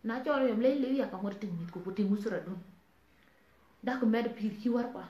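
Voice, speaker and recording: A woman's voice: on the high side, fast. A South Sudanese woman talking earnestly to viewers in a casual live stream, pleading and switching between languages. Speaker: online talk host. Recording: roomy, dull lo-fi sound.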